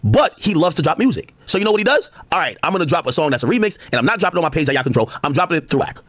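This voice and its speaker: A man arguing on a livestream, emphatic and repeating words as he talks over others. His voice is high and husky, and it rises and falls all over the place. He rattles the words out fast. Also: sing-song, fairly bright tone, no room sound. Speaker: streamer. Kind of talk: livestream debate.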